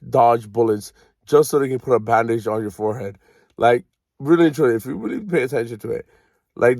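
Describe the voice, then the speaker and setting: A man's voice: mid-range voice, a little mellow, dry recording, clean studio sound. A young man from Canada, ranting casually in a profane, rambling and sarcastic way. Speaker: vlogger.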